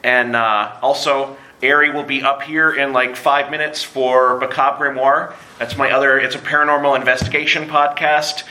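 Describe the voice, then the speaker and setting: A man hosting a live podcast at a convention, joking and plugging shows quickly with casual profanity. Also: mid-range voice, flat delivery, pushed and bright. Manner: joking, rapid plugs with profanity. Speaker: podcast host. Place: convention room with audience. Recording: live room recording with background noise.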